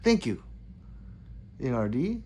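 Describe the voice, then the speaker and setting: A man's voice: mid-range voice, big pitch swings, takes it slowly, darkish tone, a little hiss or hum. A man hosting a casual livestream, reading viewer comments aloud and chatting back with frequent laughs. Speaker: livestream host reading chat.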